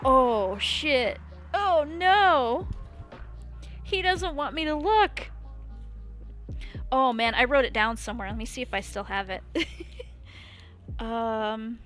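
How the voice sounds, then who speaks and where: A woman streamer giving excitable let's play commentary, exclaiming often and laughing as she plays. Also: sits high, slow, long pauses. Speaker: gaming streamer. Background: loud game music.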